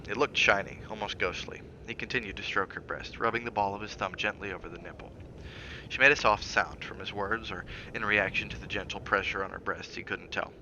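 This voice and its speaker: A man reading a novel aloud on a stream, with steady dramatic emphasis. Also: fairly low pitch, brisk, highs cut off, a little hiss or hum.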